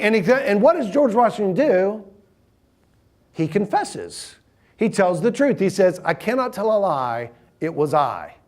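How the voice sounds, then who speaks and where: A man's voice: sits high, darkish tone. A middle-aged man, giving a sermon in a conversational, humorous storytelling manner and asking the audience questions.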